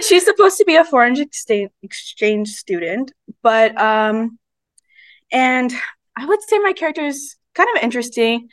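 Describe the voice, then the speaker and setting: A teenage girl who acts in student theater speaks in a somewhat high voice. She is shy and hesitant and giggles between phrases. The sound is dry and close. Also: very animated, unhurried, no room sound. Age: teens. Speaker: student actor. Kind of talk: casual interview.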